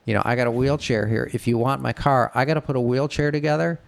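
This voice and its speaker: A middle-aged man with a gravelly edge and a smooth, resonant voice tells a story. He talks frankly, swears freely and acts out the people he quotes. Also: mid-range voice, fast, few pauses. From Detroit area. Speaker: podcast co-host telling a story. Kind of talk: casual storytelling.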